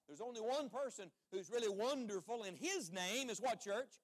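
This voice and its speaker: A man with a fairly high voice preaches a fervent sermon. He swings between booming declarations and near-hushed asides, pressing rhetorical questions and calling for the congregation to say it back. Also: expressive, normal speed, few pauses. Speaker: traveling evangelist preacher.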